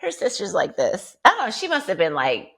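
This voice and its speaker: A woman co-hosting a podcast, telling everyday parenting stories in a relaxed, conversational way. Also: medium pitch, fairly quick. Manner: relaxed conversational storytelling, frequent agreeing. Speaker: podcast co-host. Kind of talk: casual chat.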